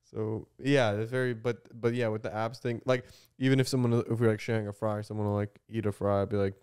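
A young man from Canada co-hosting a podcast, teasing his friend in a deadpan, mock-serious way. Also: on the low side, a little fast, smooth. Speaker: podcast co-host. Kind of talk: casual chat.

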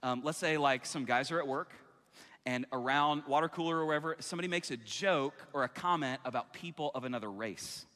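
Male pastor, bright and forceful, chatty sermon delivery, big echoing church hall. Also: on the high side, a little fast. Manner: conversational, acts out everyday dialogue. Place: church auditorium. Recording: long reverb of a large hall.

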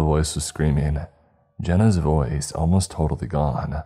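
A man narrating a horror story in slow, grave, scripted style. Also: very deep voice, mellow, husky, soft background music.

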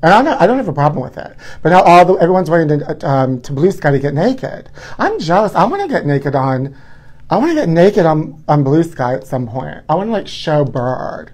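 A man's voice: a little high, sing-song, fairly quick, a little mellow. A man hosting a live stream, chatting in a campy, gossipy way and calling his viewers honey. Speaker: livestream host.

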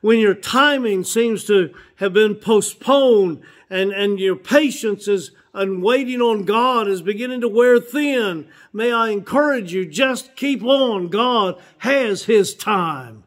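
A man, preaching a sermon as pastor, earnest and slowing down to repeat key phrases for emphasis. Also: high-pitched.

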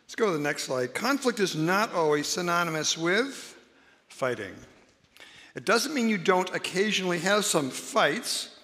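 Man preaching, bright fairly high voice, conversational, church hall reverb. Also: big pitch swings, normal speed. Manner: conversational, dramatizes examples with shifts in pitch and volume. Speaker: pastor. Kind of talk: sermon.

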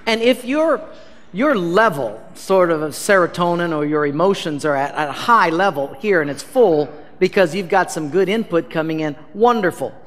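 High-voiced pastor preaching in a reverberant hall. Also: male voice, normal speed. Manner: animated, self-mocking storyteller acting out dialogue. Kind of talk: storytelling sermon.

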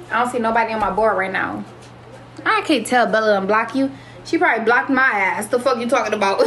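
Brash high-voiced woman hosting a livestream. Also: a bit bright, slight background noise. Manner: brash, boastful and profane, addressing viewers. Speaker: livestream host. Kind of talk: casual livestream chat.

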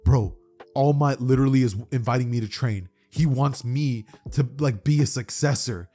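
A man voicing an excitable teenage boy who chatters eagerly, full of "bro" and "like". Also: medium pitch, normal speed, soft background music, close to an everyday voice. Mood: excited.

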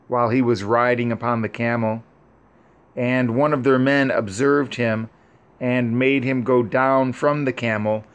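A man reading an old scripture narrative aloud in a measured, solemn way, with frequent pauses. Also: medium pitch. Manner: measured, solemn, pausing often. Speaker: scripture reader.

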